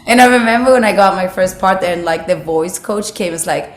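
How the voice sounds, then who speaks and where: A woman with a raspy, husky, slightly broken voice, speaking English as a second language in a casual interview, reflective and full of "like" fillers. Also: on the low side, fairly quick. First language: not English. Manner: reflective, many "like" fillers, restarts. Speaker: actress, interview guest. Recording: roomy sound with faint background ambience.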